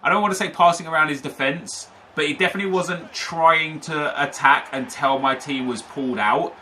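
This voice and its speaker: Young guy narrating his football game highlights, bright voice, loose chatty play-by-play. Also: moderate pace, a little hiss or hum. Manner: chatty play-by-play, frequent fillers. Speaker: gaming commentator. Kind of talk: casual gameplay commentary.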